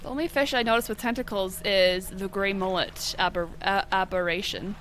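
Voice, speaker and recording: A young woman chatting casually through a video game, thinking aloud, reacting with quick startled remarks, and reading the game's text aloud. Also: medium pitch, steady tone, fairly bright tone, faint music behind. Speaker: gaming channel host.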